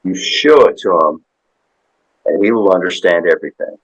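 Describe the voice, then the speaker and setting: Man doing a polite frog, calm, matter-of-fact, low voice. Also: normal speed, muffled recording. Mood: patient.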